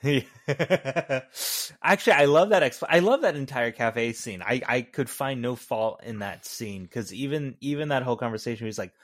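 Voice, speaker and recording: A man's voice: mid-range voice, animated, normal speed. A man co-hosting a film review podcast, talking loosely and casually with some swearing. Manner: loose, profane, conversational. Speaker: podcast co-host.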